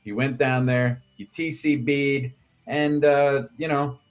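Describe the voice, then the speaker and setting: A man's voice: medium pitch, fairly even intonation, takes it slowly, soft background music. Easygoing male podcast co-host. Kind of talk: casual chat.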